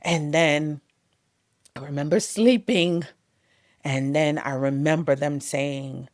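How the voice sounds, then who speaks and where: A woman as an interview guest, telling a personal testimony with emotion, her voice swinging between loud and hushed. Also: sits low, takes it slowly, pauses often, dry recording, studio quality.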